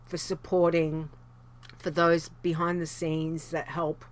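A woman hosts a live stream and talks unhurriedly. She rambles through warm thank-yous to her community in an easygoing, chatty way. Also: lowish voice. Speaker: show host. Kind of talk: casual stream sign-off.

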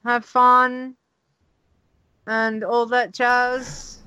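A woman's voice: fairly high pitch, little pitch movement, very slow, a crowd in the background. A woman co-hosting a podcast, cheerful and teasing as she thanks supporters and signs off. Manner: upbeat and teasing, spells out handles. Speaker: podcast co-host. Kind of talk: casual podcast sign-off chat.

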